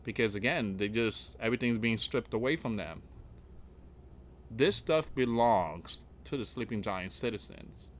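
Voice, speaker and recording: An animated, mid-range male voice, a little slow, belongs to the host of an online news channel. He reads out news items and responds with rhetorical questions, offering casual political commentary to viewers in a rambling, repetitive way, frequently restarting with "again" and "guys."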